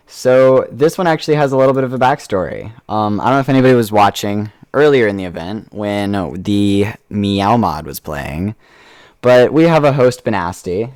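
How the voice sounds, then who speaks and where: A man's voice: fairly low pitch, darkish tone, no echo. A man hosting a charity stream, reading donation messages in a playful, teasing way.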